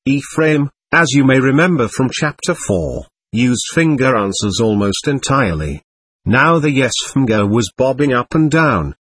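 A man's voice: mid-range voice, lively intonation, unhurried, fairly bright tone, breathy edge, dry recording. A man narrating an audiobook in an earnest storytelling manner, reading the dialogue aloud as well.

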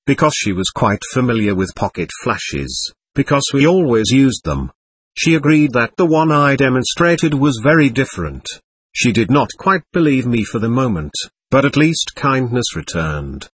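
A man reading a first-person memoir aloud in a plain, measured storytelling manner. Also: medium pitch, a bit bright, breathy edge, no echo.

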